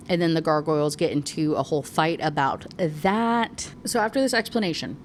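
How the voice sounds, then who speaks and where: A woman's voice: sits low, moderate pace, hardly any pauses, a little hiss or hum. Chatty young woman recapping a book. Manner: animated, lots of filler "like". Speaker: book reviewer.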